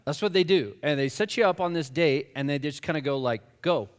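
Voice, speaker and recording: A man's voice: a little high, fairly quick, clean tone, long reverb tail. A man, a pastor, telling a story to an audience in a conversational, self-deprecating way.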